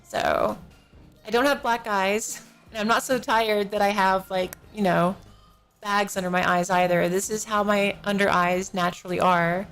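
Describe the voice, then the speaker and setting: A sleepy woman chats casually on a live stream from her home desk, yawning and rambling in a slightly dazed way. Her medium-pitched voice is steady, a bit bright and moderately paced, captured by a professional desk microphone. Faint neighbor music plays in the background.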